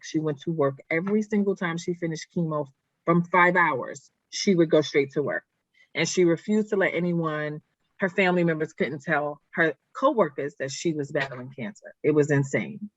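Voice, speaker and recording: A woman guest on a podcast, telling a personal story in an earnest, halting way that turns emotional. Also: sits low, dry recording, dull audio. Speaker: guest, nonprofit founder.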